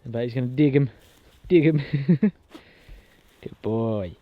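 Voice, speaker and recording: A man vlogging casually while walking his dog outdoors in a park, chatty and quick to laugh. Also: medium pitch, lively intonation, dull audio. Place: outdoors in a park and golf course.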